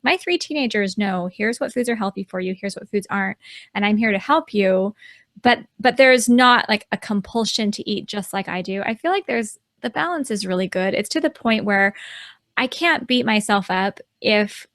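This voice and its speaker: A woman's voice: mid-range voice, normal speed, fairly bright tone, no room sound, clean studio sound. A woman in her forties co-hosting a talk show, speaking in a reflective, easygoing way with light laughs. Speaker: podcast co-host. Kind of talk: casual advice talk.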